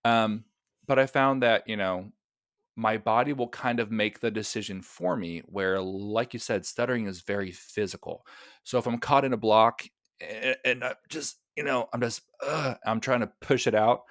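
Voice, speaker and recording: Low-ish guy w a mild stutter, casual podcast guest, laughs a lot, dry mic. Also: moderate pace, fairly bright tone, no room sound. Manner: mild stutter, many fillers, laughs easily. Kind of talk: casual interview chat.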